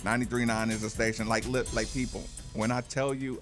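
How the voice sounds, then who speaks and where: A man hosting a sports radio show from a studio, chatting excitably and talking straight to listeners. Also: mid-range voice, a little fast, faint music behind. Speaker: radio host. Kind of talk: casual sports radio banter.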